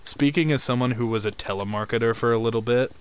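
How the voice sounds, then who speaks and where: A man's voice: mid-range voice, quick pace, clear, resonant tone, dull audio. Young guy, slight southern twang, joking around and laughing, casual gaming chat. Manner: animated, joking, laughs often. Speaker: podcast host.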